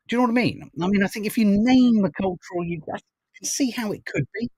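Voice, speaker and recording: A man's voice: high-pitched, lively intonation, fast, a little mellow, breathy edge, no echo, rough recording. A man hosting a podcast, chatting wryly about news stories and reading out viewer comments. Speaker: podcast host reading the papers. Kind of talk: casual chat.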